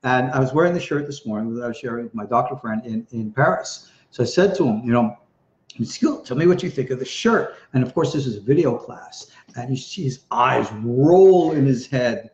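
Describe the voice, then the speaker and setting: A man's voice: mid-range voice, expressive, a little fast, darkish tone. An American man, a rabbi, teaching an informal Torah class in a chatty, digressive way. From United States. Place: home studio in Tennessee. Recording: roomy, dull-sounding room recording.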